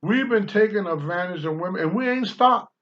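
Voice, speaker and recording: Blunt, animated older man preaching. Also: high-pitched, a little fast, muffled recording. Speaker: host answering viewer questions. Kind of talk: unscripted talk-show monologue.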